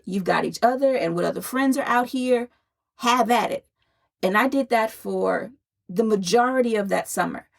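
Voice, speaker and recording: A woman's voice: medium pitch, gravelly. A woman in her thirties, a podcast host, telling her own story in a candid, conversational way while out of breath. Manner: candid, conversational, laughing now and then. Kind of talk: personal storytelling.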